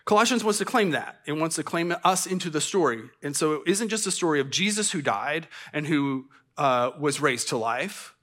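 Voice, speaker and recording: A middle-aged man delivers a church sermon in a relaxed, conversational way, breaking off into stammered restarts and self-deprecating stories. His voice sits a little high for a man. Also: normal speed, hardly any pauses. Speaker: pastor. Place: church sanctuary.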